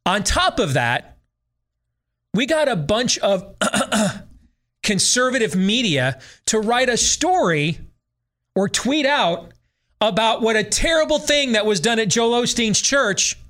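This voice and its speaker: Animated sarcastic male podcast host. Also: high-pitched, slow. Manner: sarcastic, animated, mocking repetition. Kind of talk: opinionated podcast commentary.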